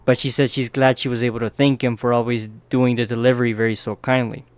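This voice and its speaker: A man's voice: mid-range voice, level tone, fast, clean tone, no room sound. Chatty man recapping a manga. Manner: loose and chatty, keeps checking in with "right?". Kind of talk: casual manga recap narration.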